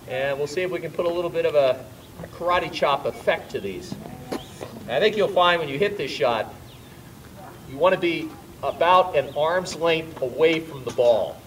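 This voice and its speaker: A man's voice: mid-range voice, recorded from a distance, slight background noise. A man teaching tennis on an outdoor court, explaining volleys while demonstrating shots and calling out coaching pointers. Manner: explaining while hitting balls, bursts of louder coaching. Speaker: tennis instructor.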